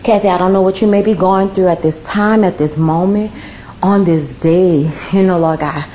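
New woman caller, mellow low-ish voice, fervent repetitive prayer. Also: normal speed, slight background noise. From New Orleans. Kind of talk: call-in spoken prayer.

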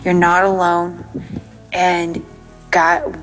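A woman from California speaks in a low, flat and steady voice. She delivers a slow, gentle message of encouragement, with faint music behind her. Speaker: caller.

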